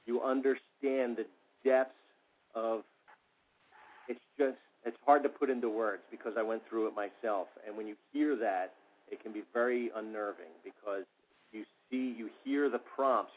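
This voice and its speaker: A man's voice: fairly low pitch, slightly rough. Earnest man hosting, muffled sound. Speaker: host. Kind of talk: podcast discussion.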